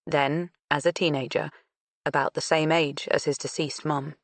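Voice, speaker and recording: A woman narrating an audiobook in a measured, unhurried reading. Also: low-pitched, fairly even intonation, no echo. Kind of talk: scripted narration.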